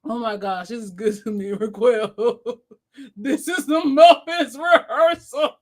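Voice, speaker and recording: A woman's voice: fairly high pitch, slow. A woman hosting a casual livestream chat, laughing constantly and reading viewer comments aloud. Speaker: livestream host.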